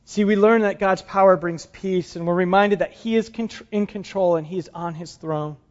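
High-voiced man preaching a sermon. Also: fairly even intonation, moderate pace, highs cut off. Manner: dramatic shifts between soft and emphatic delivery. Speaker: pastor.

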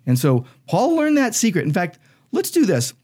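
A man's voice: high-pitched, huge pitch swings, normal speed, a little mellow, breathy edge. A man, a pastor and podcast co-host, explaining Bible verses in an emphatic, conversational teaching style. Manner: emphatic, explanatory, reads scripture aloud.

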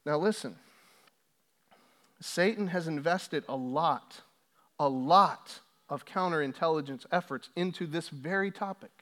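High-voiced man preaching a sermon. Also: a little slow, a bit bright. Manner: preaching with rising intensity on quoted scripture. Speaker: pastor. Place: church sanctuary.

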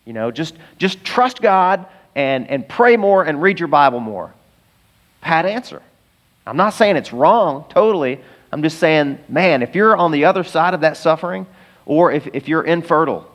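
Here a middle-aged man leads a sermon as a pastor, lively and conversational, with side comments aimed at the people in the pews. His voice leans toward the high end.

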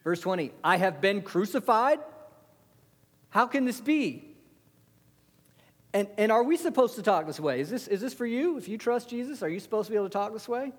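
A man preaching a sermon, animated, asking the congregation rhetorical questions and answering them. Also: high voice, moderate pace, long pauses, in a large hall.

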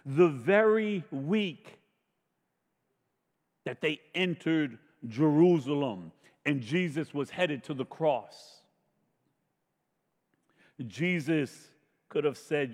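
A man preaching with a fairly high voice, slow and emphatic, rising into loud questions and sinking to near whispers. His words ring out with a long reverb, as in a large church hall. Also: animated. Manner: slow, emphatic preaching with dramatic swells and hushed drops. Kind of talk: sermon.

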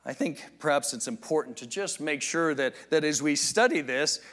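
A man preaching a sermon, teaching in a measured, reflective way with frequent restarts. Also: on the high side, animated, fairly bright tone. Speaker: pastor.

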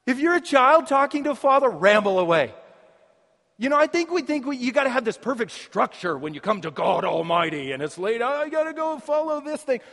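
A high-voiced man preaches with lively, joking energy and laughs often between his points. His voice carries a long reverb, as if he is speaking in a large hall. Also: fairly quick, creaky. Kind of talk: sermon.

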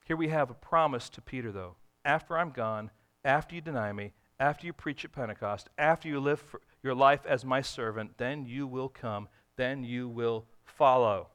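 Animated man preaching a sermon. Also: mid-range voice, normal speed, clear, resonant tone. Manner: animated, swings from loud emphatic bursts to hushed tender lines; acts out quoted dialogue in a conversational, folksy way. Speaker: pastor.

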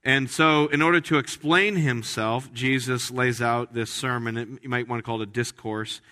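A man preaching a sermon as pastor, emphatic and animated, with frequent restarts. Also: medium pitch, moderate pace. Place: church sanctuary. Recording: reverberant church hall.

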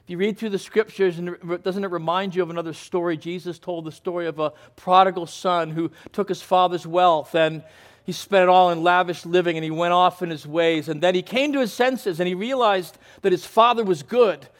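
A man with a notably high voice delivers a sermon as a pastor. He preaches earnestly, dropping into quiet, reflective stretches and then pressing points with emphasis. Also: steady tone, brisk.

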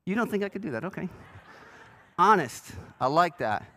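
Pastor, male, high and lively voice, chatty and self-deprecating, asks the room questions. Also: moderate pace, rough recording. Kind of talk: sermon. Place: church sanctuary.

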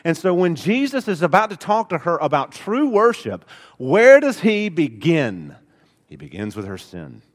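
A man's voice: on the high side, wildly swooping pitch, normal speed, in a large hall. Alabama-accented man preaching a sermon. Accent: Alabama Southern. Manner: earnest preaching, rhetorical questions, folksy asides. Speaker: pastor. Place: church sanctuary.

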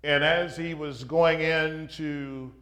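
A man preaching a sermon, opening with a joke, in a slow and halting delivery with frequent pauses and fillers. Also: fairly high pitch, fairly even intonation, pushed and bright. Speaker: pastor.

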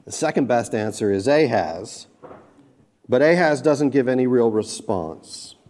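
Guy preaching a sermon, medium voice, earnest, slows way down on the bible quotes. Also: medium pitch, expressive, a little mellow.

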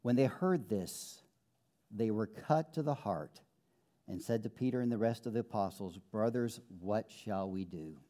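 A man preaching a sermon in an earnest manner, slowing down to quote scripture and building up with fervor. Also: fairly low pitch, mellow. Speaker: pastor.

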